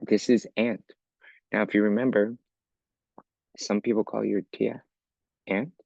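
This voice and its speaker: Gravelly low-voiced man teaching English. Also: level tone, measured pace, a little mellow, no room sound, dull audio. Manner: patient, explains step by step with frequent "okay?" checks. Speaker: ESL teacher. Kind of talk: recorded English lesson.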